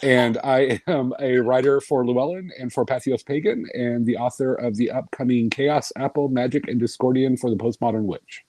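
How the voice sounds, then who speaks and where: A man's voice: medium pitch, normal speed, few pauses, a little mellow, dry recording. A man, a writer and regular guest, introducing himself in a dry, matter-of-fact way. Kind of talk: casual chat on a livestream.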